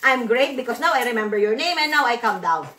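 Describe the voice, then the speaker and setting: A woman with a high, bright voice tells a long, rambling story straight to her viewers. She stumbles over and repeats her words and slips into quoting other people. She sits back from the mic, and the room is echoey. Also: expressive, fast, recorded from a distance. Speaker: vlogger.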